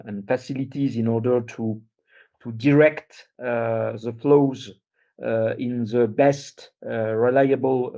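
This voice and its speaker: A man speaking English, giving a halting workshop presentation full of "uh" fillers and restarts, recorded with a dull, muffled sound. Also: medium pitch, gravelly, warm tone. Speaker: conference speaker.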